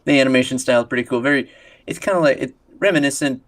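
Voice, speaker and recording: A man's voice: medium pitch, rapid-fire. A man co-hosting a casual podcast chat with his brothers, laughing often and acting out quoted lines. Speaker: podcast co-host.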